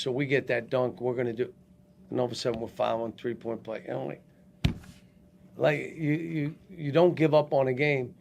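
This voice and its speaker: Older male head coach, gravelly, blunt and halting, speaking into a table mic at a post-game press conference. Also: mid-range voice, a little hiss or hum. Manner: blunt, halting, frequent restarts.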